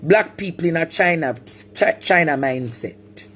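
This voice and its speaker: A man from Jamaica with a Jamaican accent, ranting animatedly on a live stream, repeating words and bursting into shouts. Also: fairly high pitch, expressive, a little slow, slight background noise. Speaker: social media personality.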